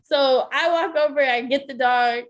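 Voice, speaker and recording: A podcast co-host with a high-pitched voice tells a story in casual chat at a normal pace. She's animated, swears freely, and acts out what people said.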